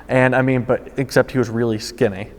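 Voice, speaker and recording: Male storyteller, former car salesman, animated delivery, ordinary middle register, recorded with long reverb. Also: mid-range voice, fairly quick. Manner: animated storytelling, voices quoted people. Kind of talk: casual spoken anecdote.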